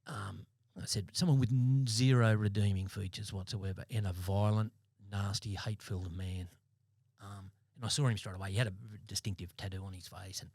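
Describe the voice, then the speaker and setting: An Australian man in his fifties, a former police sergeant, telling his story as a podcast guest in a blunt, halting way with many restarts. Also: on the low side, gravelly, a little mellow, breathy edge, no echo, studio quality. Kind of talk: interview storytelling. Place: podcast studio.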